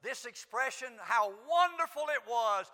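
A man preaching a sermon in an auditorium, impassioned, swinging from hushed lines to shouts. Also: very high-pitched, animated, a little slow. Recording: long hall reverb.

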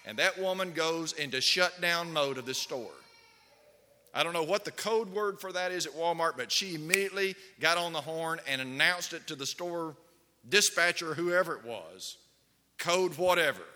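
A man's voice: on the high side, animated, normal speed, bright, forceful tone. A man preaching a sermon, telling stories and putting questions to his congregation. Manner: storytelling, asks the congregation questions. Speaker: pastor. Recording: long hall reverb.

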